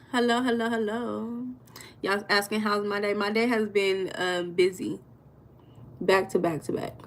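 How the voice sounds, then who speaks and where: A woman's voice: medium pitch, a little hiss or hum. An American woman hosting a casual live stream, greeting viewers by name and answering their comments. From United States. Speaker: livestream host reading viewer comments.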